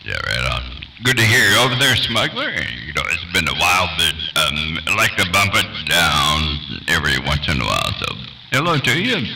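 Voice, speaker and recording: A man's voice: deep voice, wildly swooping pitch, brisk, creaky, sharp tone, soft background music, rough recording. A man with a Texan accent hosting casual ham radio banter, rambling and teasing crudely, with lots of fillers. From Texas. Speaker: ham radio operator and stream host.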